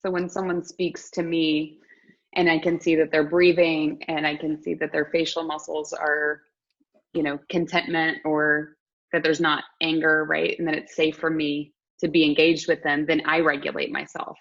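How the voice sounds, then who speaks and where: A woman hosting a conversation, talking as a calm, affirming listener. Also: low-pitched, normal speed, creaky, muffled recording. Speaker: host, interviewer. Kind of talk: casual conversation.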